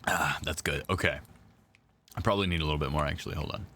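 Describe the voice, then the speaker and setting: Fast and sharp in tone, this very deep male voice belongs to a young gamer on a live stream. He keeps the chat with viewers casual, relaxed, and slangy as he plays.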